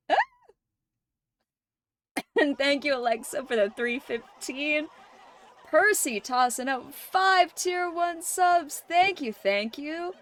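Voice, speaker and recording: Laughing, high-voiced woman streamer. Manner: laughing, swearing, animated reactions. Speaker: livestream host. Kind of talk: casual chat with viewers.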